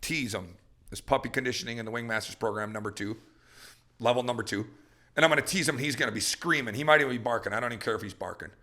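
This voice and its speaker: A middle-aged man, a dog trainer hosting a podcast, ranting with fired-up energy and acting out dogs and people in quick voices. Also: mid-range voice, bright, forceful tone.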